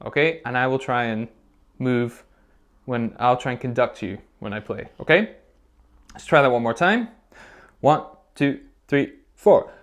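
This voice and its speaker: A man's voice: mid-range voice, expressive, measured pace, long pauses, background noise. A male music teacher leading a recorder lesson video for children. He explains things patiently, step by step, and often checks in with "okay?". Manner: encouraging, checks in with frequent "okay?".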